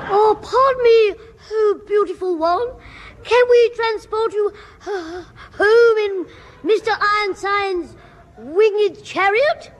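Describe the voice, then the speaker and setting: Cheeky little schoolboy, super high voice, cracking jokes, old radio comedy. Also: male voice, slow, big-room sound, muffled recording, a little hiss or hum. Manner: wisecracking, cheeky. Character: cheeky cash-strapped schoolboy. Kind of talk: 1960s radio sitcom acting.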